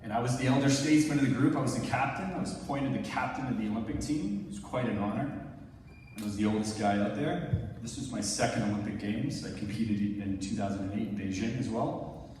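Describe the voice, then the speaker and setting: A man in his thirties from Canada, a former Olympic sprinter, gives a conversational talk to an audience, narrating video clips and asking a helper to play or pause them. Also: medium pitch, a little mellow, slight background noise. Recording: echoey hall from far off, faint ambience.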